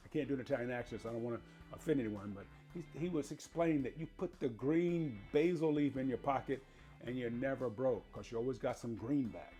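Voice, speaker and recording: A man's voice: medium pitch, fast talker, mellow, soft background music. A middle-aged man hosting a cooking show, chatty and playful, talking straight to his viewers as he cooks. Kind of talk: casual cooking demonstration.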